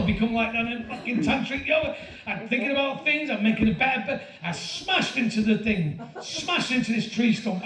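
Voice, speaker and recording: Stand-up comic, man, 50s, very high voice, animated shouting, roomy live room. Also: noisy background. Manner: animated storytelling, loud shouting bursts. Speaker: stand-up comedian. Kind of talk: stand-up comedy set. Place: comedy venue with live audience. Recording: roomy live-venue sound from a distance with crowd. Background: audience laughter.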